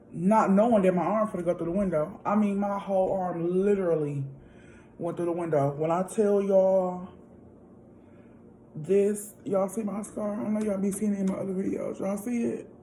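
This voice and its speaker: A woman tells a personal story to her viewers in a relaxed, talkative way, turning to them again and again. Her voice is mellow and warm at a middle pitch. Faint background hum sits behind her. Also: moderate pace, poor audio. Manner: chatty, animated, addresses viewers directly. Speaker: vlogger. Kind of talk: casual storytime while eating.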